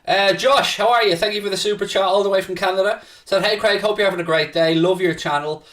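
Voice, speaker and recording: Far from the mic, a man with a high-pitched, slightly bright voice talks fast in a steady tone. He's running a casual live football watchalong stream, reading out viewer messages, chatting with them, and cursing freely when excited.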